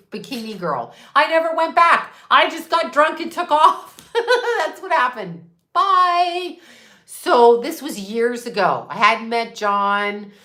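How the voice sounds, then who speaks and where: A woman in her fifties talks at an unhurried, drawn-out pace in a bright, forward voice. She rambles irreverently, swearing freely and laughing at her own asides. The sound bounces around an echoey room. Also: on the high side. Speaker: host. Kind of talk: casual rambling monologue.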